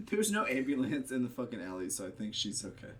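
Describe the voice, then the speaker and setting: Rambling, animated storyteller man. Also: medium pitch, a little fast, slight background noise. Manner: rambling storyteller, heavy filler words. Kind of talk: casual chat.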